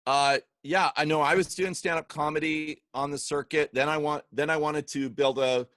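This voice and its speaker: A young Canadian man telling stories as a podcast guest, energetic and acting out quoted voices. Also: on the high side, normal speed, no echo. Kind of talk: animated storytelling.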